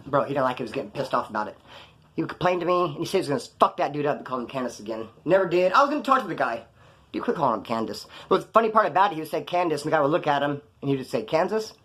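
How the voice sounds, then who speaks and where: Fast-talking man telling prison stories. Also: a little high, sing-song, a bit bright. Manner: rambling, profane, slangy. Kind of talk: casual storytelling to camera.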